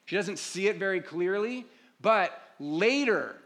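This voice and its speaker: A man's voice: high-pitched, lively intonation, measured pace, a bit bright. A man preaching a sermon, explaining scripture in a conversational way with asides and restarts. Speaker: pastor.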